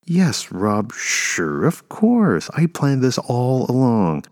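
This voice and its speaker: A man voicing a desperate young mother who pleads and snaps with impatience, his voice rising high and strained. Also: expressive, a little slow, darkish tone, in a large hall. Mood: pleading. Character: desperate young mother, woman betraying former lover.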